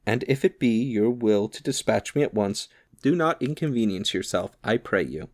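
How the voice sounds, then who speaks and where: A man's voice: fairly low pitch, animated, normal speed, darkish tone, no echo, studio quality. A man voicing an earnest young swordsman in an audiobook reading, speaking politely and simply.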